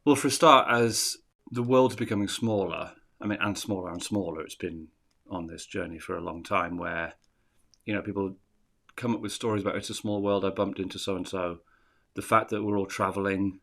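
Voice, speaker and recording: A man's voice: on the low side, a bit bright. A man from England, giving a thoughtful, rambling interview answer with restarts. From northern England.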